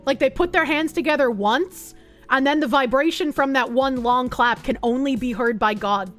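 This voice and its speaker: A woman's voice: high-pitched, moderate pace, soft background music. A young woman streamer reading an article aloud and reacting with blunt, sarcastic, swearing commentary.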